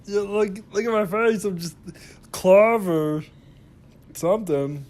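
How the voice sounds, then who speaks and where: A man's voice: high voice, takes it slowly, darkish tone, slight background noise. A man voicing a goofy, boastful woman beauty vlogger in a comic makeup-tutorial voice-over, with gasping exclamations and mild swearing. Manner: humming filler syllables while working. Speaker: husband narrating his wife's makeup tutorial.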